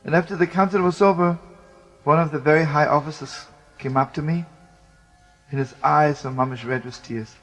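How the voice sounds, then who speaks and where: An older man, a rabbi, tells an emotional story in a spoken storytelling style and mixes in Hebrew and Yiddish words. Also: a little high. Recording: muffled lo-fi recording with music.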